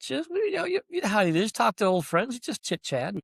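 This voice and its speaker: Seorang pria pemilik usaha kecil membagikan kisahnya dalam obrolan podcast yang santai. Ia bercerita dengan hidup, sering terkekeh, dan memperagakan percakapan orang lain. Suaranya agak tinggi untuk seorang pria, dan rekamannya kering, dekat ke mikrofon. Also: male voice, sits high, brisk, gravelly, breathy edge, dry recording, clean studio sound. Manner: animated, acts out dialogue, chuckles often. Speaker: small business owner, podcast guest. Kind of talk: casual interview storytelling.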